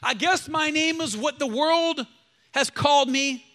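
A male preacher voicing a humbled grown man who is unsure of himself, speaking slowly and with resignation. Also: very high-pitched, bright, forceful tone, long reverb tail, voice pushed up, exaggerated voice. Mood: resigned.

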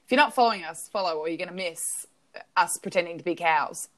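A woman's voice: on the low side, fast. A young woman co-hosting a casual podcast, cheeky and laughing often. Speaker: podcast co-host. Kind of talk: casual chat.

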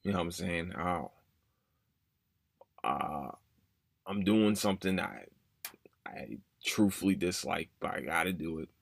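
A man's voice: low voice, a little slow, creaky, long pauses, no room sound. A man, hosting a podcast and telling a personal story in an emotional, rambling way that repeats itself. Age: 30s. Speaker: podcast host. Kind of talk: casual personal monologue.

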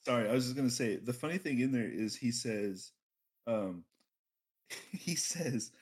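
A man in his podcast co-host role chats in a relaxed, joking way. He cuts in with short quips. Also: medium pitch, measured pace. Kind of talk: casual chat.

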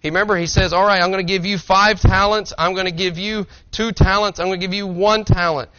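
Bright-voiced earnest preacher, dull lo-fi sound. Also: male voice, sits high, fairly even intonation, fairly quick, clear, resonant tone. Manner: earnest, conversational preaching with rhetorical questions. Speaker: pastor. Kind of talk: sermon. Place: church sanctuary.

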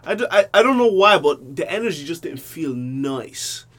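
A young man chatting casually as a podcast co-host, relaxed and chiming in with short agreements. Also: fairly high pitch, normal speed. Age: young adult. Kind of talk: casual chat.

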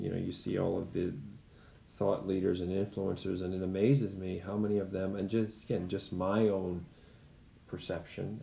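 A man's voice: deep voice, creaky, mellow. A man hosting a podcast interview, asking questions and thinking aloud with restarts and fillers. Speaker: podcast host. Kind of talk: casual interview talk. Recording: echoey room.

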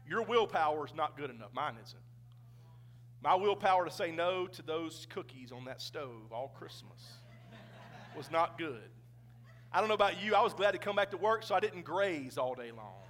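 Male pastor preaching in church; high voice, conversational with the congregation. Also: expressive, normal speed, a bit bright. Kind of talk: sermon. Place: church sanctuary.

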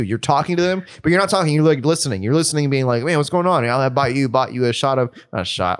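A man co-hosting a podcast in casual chat, rambling with many fillers and restarts. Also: medium pitch. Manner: rambling, full of fillers and restarts, laughs often. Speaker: podcast co-host.

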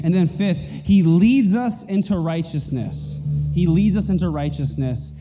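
Man, pastor, high voice, mellow dark tone, emphatic sermon, echoey church, soft music. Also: a little slow. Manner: emphatic, repeats key points. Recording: reverberant hall with faint music.

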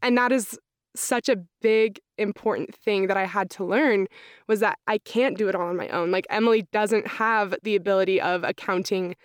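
A woman's voice: mid-range voice, steady tone, moderate pace, clean tone, no room sound, studio quality. A young woman, an accounting student, telling her story in a casual interview, chatty with lots of "like" fillers. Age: young adult. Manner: chatty, frequent "like" fillers, reenacts own thoughts.

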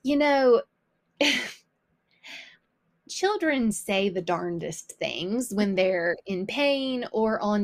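A woman with a Southern US accent co-hosting a casual chat about parenting, talking chattily, laughing often and acting out quotes. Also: mid-range voice. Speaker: podcast co-host.

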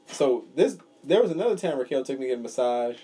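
A man's voice: medium pitch, lively intonation, quick pace, dark tone, slightly rough, soft background music. A young man co-hosting a podcast, telling rambling, profane stories in casual chat. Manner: rambling storyteller, swears freely. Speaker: podcast co-host.

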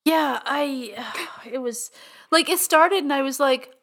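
A woman's voice: sits high, slow, creaky, a bit bright. A woman co-hosting a podcast in casual chat, laughing often, swearing and saying "like" a lot. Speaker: podcast co-host.

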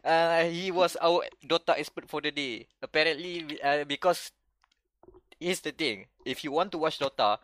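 A man co-hosting a casual gaming podcast, telling stories in an animated way with many restarts. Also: a little high, normal speed. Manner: animated storytelling with frequent restarts. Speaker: podcast co-host. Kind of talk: casual chat.

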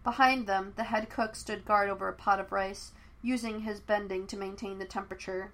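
A woman narrating fan fiction as an audiobook, telling the story in a steady, even way. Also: mid-range voice, normal speed.

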